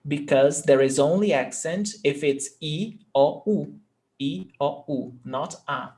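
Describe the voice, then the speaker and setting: A man's voice: a little high, slow pace, a little mellow. A male Portuguese teacher giving an online lesson, patiently explaining grammar rules step by step and often checking that his student understands.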